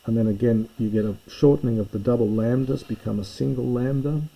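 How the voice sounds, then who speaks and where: A man's voice: mid-range voice, fairly even intonation, brisk, creaky, highs cut off. A man teaching a recorded language lesson, explaining forms step by step in a methodical way. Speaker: Greek teacher. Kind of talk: recorded lecture.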